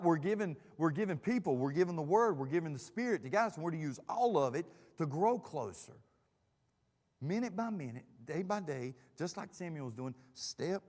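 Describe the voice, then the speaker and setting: A man teaching a Bible study as pastor, telling the story with lively acted-out voices. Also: medium pitch. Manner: animated storytelling, acts out characters. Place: church sanctuary. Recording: long church hall reverb.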